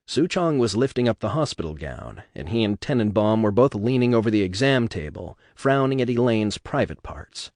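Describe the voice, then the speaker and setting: A man with a fairly low voice reads a novel aloud in a steady storytelling manner. The recording is dry and close, with no room sound. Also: moderate pace, hardly any pauses, no echo. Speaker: narrator. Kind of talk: novel reading.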